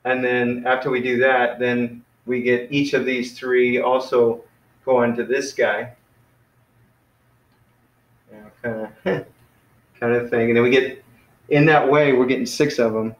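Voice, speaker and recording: Relaxed man teaching online in an echoey room. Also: mid-range voice, measured pace, pauses often. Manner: relaxed, friendly, says "man" and "you know" often. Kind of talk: casual online class.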